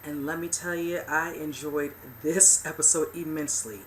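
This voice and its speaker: A woman's voice: sits low, steady tone, moderate pace, a little hiss or hum. A woman hosting a casual TV episode recap, rambling along with lots of "you know" fillers. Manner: rambling retelling full of "you know" and "whichever". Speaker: host of a TV recap channel.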